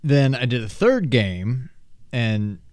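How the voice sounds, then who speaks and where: Male podcast co-host, lowish smooth voice, dry close mic, relaxed storyteller. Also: slow, no room sound. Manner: relaxed, laughs easily, recounts things step by step. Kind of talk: casual chat.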